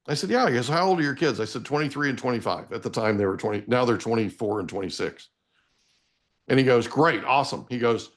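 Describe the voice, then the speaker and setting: This is a man in his forties speaking as a guest in a live interview. His voice sits at an ordinary middle pitch, and he delivers parenting advice emphatically and insistently, turning often to the audience with a quick "okay?". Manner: emphatic, preachy, addresses listeners directly with repeated "okay?".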